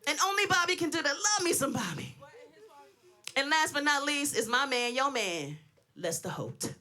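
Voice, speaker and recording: Loud laughing lady comic on stage, high bright voice, out of breath, aave. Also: big pitch swings, normal speed. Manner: brash, laughing, storytelling. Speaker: stand-up comedian. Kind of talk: stand-up comedy set. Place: stage in front of an audience.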